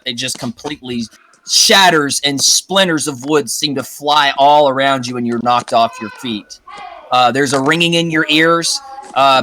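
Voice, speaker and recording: A man's voice: a little high, bright, forceful tone. A man narrating a tabletop role-playing game as dungeon master, describing scenes with occasional fillers.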